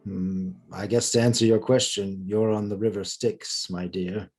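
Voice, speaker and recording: A man playing a gallant male knight in a tabletop game, speaking politely and gently with a slightly formal air. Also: on the low side, fairly even intonation, moderate pace, faint music behind, lightly acted. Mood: courteous.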